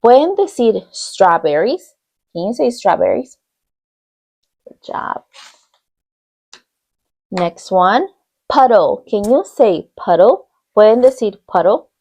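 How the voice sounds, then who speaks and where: A woman's voice: medium pitch, sing-song, slow pace, pauses often, darkish tone. A woman teaching young children, reading words aloud in English and Spanish and repeating each one with patient encouragement. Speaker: bilingual teacher. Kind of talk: slow bilingual classroom lesson for young children.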